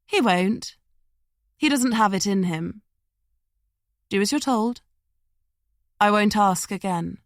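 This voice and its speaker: A woman voicing a breathy, sleepy-sounding woman who gives orders in a bored, condescending way. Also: medium pitch, animated, takes it slowly, pauses often, dry recording, studio quality. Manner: languid, condescending. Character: bored, sleepy woman giving orders over a walkie-talkie.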